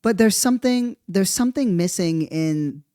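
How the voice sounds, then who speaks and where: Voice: medium pitch, lively intonation, moderate pace, mellow, no room sound, studio quality. A podcast host giving a casual monologue, rambling and profane, thinking aloud and tagging points with "right?".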